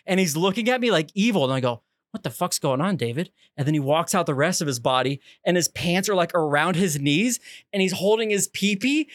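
Animated young man telling a story. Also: sits high, fairly quick, no echo, clean studio sound. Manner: animated, acts out voices in his stories. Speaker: podcast co-host. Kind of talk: casual storytelling chat.

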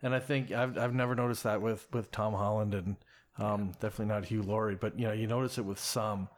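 A man's voice: lowish voice, steady tone, quick pace. A male host asking questions and chatting in a friendly, conversational way during a casual interview.

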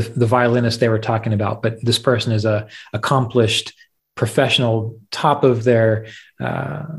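A man's voice: mid-range voice, a little mellow. A man hosting a podcast, teaching meditation in a reflective, conversational way and telling stories with plain fillers. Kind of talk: spoken teaching talk.

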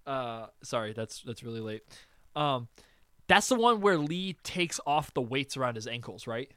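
A man hosting a podcast in casual chat, excitable and profane, laughing often. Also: mid-range voice, normal speed, smooth, no room sound, studio quality. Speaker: podcast host.

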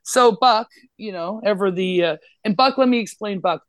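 A woman's voice: mid-range voice, normal speed, dry recording. Profane Canadian woman telling a wild story. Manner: profane, animated, acts out voices in the story. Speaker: podcast co-host. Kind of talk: casual storytelling.

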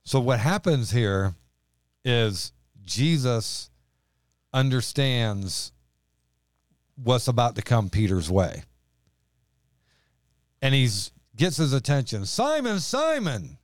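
Man, mid-pitched, emphatic and exhorting, Bible podcast talk, dry sound. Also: expressive, slow pace, long pauses, no room sound. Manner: emphatic, exhorting, dramatic when reading scripture. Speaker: podcast co-host. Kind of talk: casual Bible discussion podcast.

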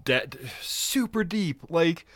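A man's voice: a little high, lively intonation, slow, dry recording, studio quality. A man co-hosting a casual podcast chat, talking fondly with laughs and swearing. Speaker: podcast co-host.

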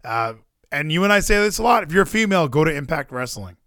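A man co-hosting a casual wrestling chat, animated and jokey, swearing freely. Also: on the high side, fast talker, dry recording, clean studio sound. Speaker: podcast co-host.

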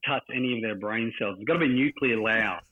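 A man's voice: mid-range voice, a little fast, sharp tone. A man from Australia with an Australian accent, calling in to a live show and chatting casually in a blunt, crude, joking way. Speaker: caller. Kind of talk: casual chat. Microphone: remote call-in line. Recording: tinny phone-like call line.

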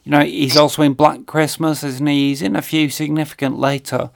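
A man co-hosting a casual film discussion, explaining plots in a measured way with many fillers. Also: a little high, little pitch movement, gravelly. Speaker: film podcast co-host.

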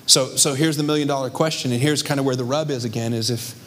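A man's voice: mid-range voice, steady tone, fast, slight background noise. A young adult man preaching a sermon with passion and emphasis, as pastor on a church stage. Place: church stage before a congregation.

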